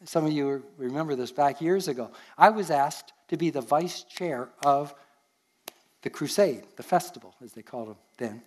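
A man's voice: fairly high pitch, normal speed, a little mellow. An older man with a Canadian accent, a pastor preaching a sermon and telling stories from his life in an earnest way, chuckling at himself now and then.

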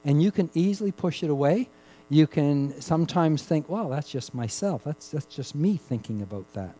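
A man preaching a sermon, rising to loud emphatic peaks and dropping to hushed, drawn-out phrases, repeating key words for emphasis. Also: a little high, lively intonation, slight background noise, rough recording. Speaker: pastor.

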